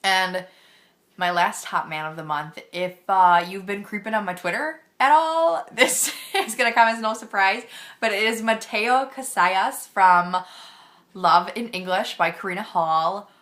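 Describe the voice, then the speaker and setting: A woman's voice: medium pitch, measured pace, a bit bright. A young woman book vlogger chatting casually and gushing with enthusiasm about her favorite characters, with lots of fillers. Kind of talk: casual chat.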